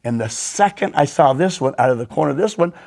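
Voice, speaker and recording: Gravelly man telling animated stories. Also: a little high, fast. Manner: animated anecdotes, sound effects. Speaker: podcast host. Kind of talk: casual storytelling.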